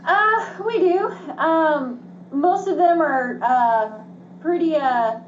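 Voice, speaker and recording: A woman's voice: sits high, takes it slowly. Chatty Southern American woman. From USA. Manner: chatty, many likes and ums. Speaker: country singer guest. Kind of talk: casual interview chat. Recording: roomy dull call audio with faint noise.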